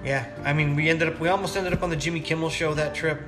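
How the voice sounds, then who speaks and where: A man's voice: fairly high pitch, fairly even intonation, fast, over music. A man hosting a podcast, telling rambling, profane stories in a casual way. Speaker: podcast host. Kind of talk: casual storytelling.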